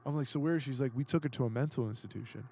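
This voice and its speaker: A man's voice: mid-range voice, very fast, gravelly, dark tone. A young man, a podcast guest, tells a story in casual, profane talk, acting out what others said and restarting his sentences often. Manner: profane, acts out quoted voices. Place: indoors, podcast recording.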